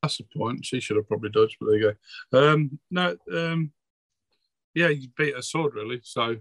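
A man's voice: mid-range voice, moderate pace, dry recording. A man acting as game master for a tabletop game over a voice call, talking casually with plenty of hesitations. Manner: casual, hesitant, full of ums. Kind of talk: running a tabletop game online. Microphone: home mic on a voice call.

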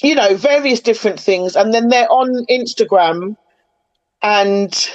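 A chatty woman with a fairly high voice talks through her opinions in a relaxed podcast conversation. She is animated and emphatic, and she often slips into quick, lively retellings. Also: muffled recording. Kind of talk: casual chat.

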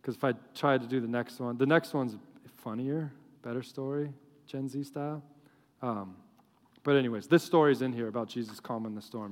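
A man preaching a sermon to a congregation, telling stories in an animated, joking way. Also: medium pitch, fairly quick. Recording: long hall reverb.

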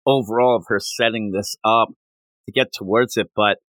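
Bright-voiced man in animated podcast chat. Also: normal speed, no echo. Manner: animated, retells scenes and jumps up in pitch when acting out characters. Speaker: podcast co-host. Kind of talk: casual discussion of a manga chapter.

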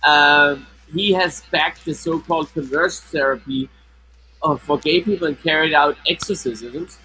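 A man's voice: a little high, normal speed, pushed and bright, husky, poor audio. A man co-hosting a casual live stream, talking with many stops and restarts, his voice run through a flanger effect. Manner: hesitant, many restarts and fillers. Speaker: co-host. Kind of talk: casual chat.

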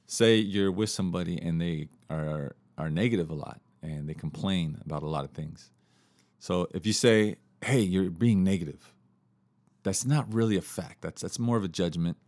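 Low-voiced man explaining casually. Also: normal speed, dry recording. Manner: relaxed, repeats himself, many fillers and restarts. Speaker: podcast host teaching communication.

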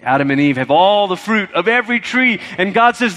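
A man preaching with a bright, high-pitched voice and an animated, conversational delivery, slipping into quoted voices as he goes. His words ring out with a long reverb from a large hall. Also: normal speed. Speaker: pastor. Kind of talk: sermon.

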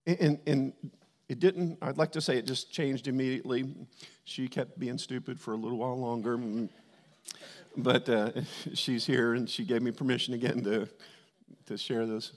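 A middle-aged man preaching a sermon, telling a candid personal story and breaking into loud quoted outbursts. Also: mid-range voice, normal speed. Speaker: pastor. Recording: long hall reverb.

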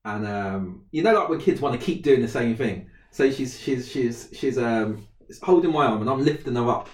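A man telling a relaxed anecdote in casual chat, with many fillers. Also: medium pitch, normal speed. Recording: roomy echo.

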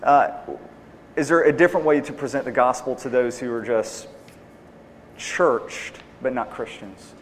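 An unhurried man with a mid-range voice answers evangelism questions from an audience, always restating the question first. His manner is earnest and plain. The Q&A talk echoes with long reverb in a hall, over faint noise.

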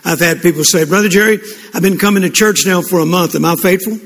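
A man's voice: sits high, fast, fairly bright tone. An older man preaching a sermon to a congregation, telling folksy stories with frequent restarts. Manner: folksy storytelling with repeated restarts. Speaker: pastor. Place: church. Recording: echoey hall with congregation responses.

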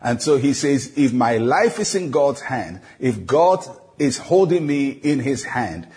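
A male pastor giving a devotional sermon, teaching in a measured way, slowing down on scripture quotes and pausing with frequent "uh" fillers. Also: mid-range voice, sing-song, darkish tone, husky. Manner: frequent "uh" fillers between phrases.

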